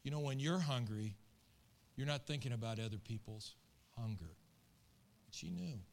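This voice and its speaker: A man's voice: medium pitch, moderate pace, darkish tone, slight background noise. A middle-aged man, a pastor, telling a story in an earnest, emotional and colloquial sermon.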